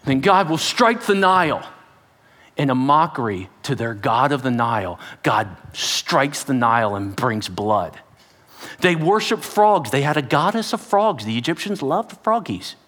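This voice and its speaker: A pastor with a mid-range voice preaches at a measured pace, very animated as he tells the story dramatically. He acts out voices, dropping to whispers and rising to loud outbursts.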